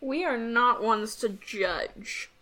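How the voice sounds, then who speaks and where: A young woman co-hosting a podcast in casual chat, bubbly and teasing and quick to laugh. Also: on the high side, pushed and bright. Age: young adult. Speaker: podcast co-host.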